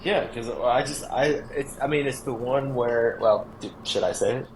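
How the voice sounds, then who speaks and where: A man co-hosting a casual podcast chat, hesitant and self-mocking as he stumbles over his words. His voice bounces around a roomy space, with a little noise underneath. His pitch stays at an ordinary middle. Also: moderate pace. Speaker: podcast co-host.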